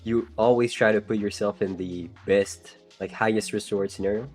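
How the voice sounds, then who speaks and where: A man's voice: lowish voice, fairly even intonation, faint music behind. Een man die als co-host in een livestream haperend en aarzelend vragen stelt. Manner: halting, hesitant phrasing with fillers. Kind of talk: casual chat on a live stream.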